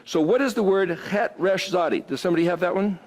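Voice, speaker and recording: A man teaching a Bible study class to a group, explaining word roots in an animated, exclamatory way. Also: high-pitched, brisk.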